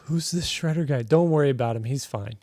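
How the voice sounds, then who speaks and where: A man chats loosely while he draws on a livestream, wandering through a story with plenty of "like" and "you know". His voice is mellow and dark, and it sounds dry and close, with no room around it. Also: mid-range voice, a little fast, dry recording. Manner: rambling, storytelling with many fillers. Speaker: artist livestream host. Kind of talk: casual livestream chat while drawing.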